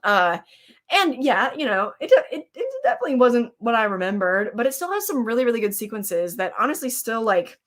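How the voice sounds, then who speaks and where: A woman's voice: fairly high pitch, very animated, brisk, a bit bright. A woman hosting a casual live stream, rambling about horror movies, reacting to chat and snacking as she talks. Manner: chatty and rambling, reacting to chat, with fillers and laughs; eating snacks while talking.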